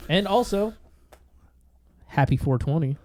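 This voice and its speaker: Man, podcast co-host, laid-back chat, swears a lot, fairly high voice. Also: expressive, measured pace, darkish tone, slight background noise. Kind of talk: casual comedic chat.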